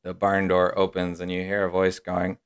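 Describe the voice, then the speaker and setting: A man narrating a tabletop game as game master, unhurried and descriptive. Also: deep voice, monotone, clean tone.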